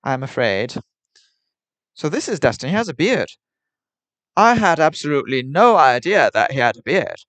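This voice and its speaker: Young adult male streamer, wry rambling chat, mid pitch, dry room. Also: no echo. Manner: rambling, wry, mock-formal phrasing. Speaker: livestreamer. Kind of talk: casual livestream commentary.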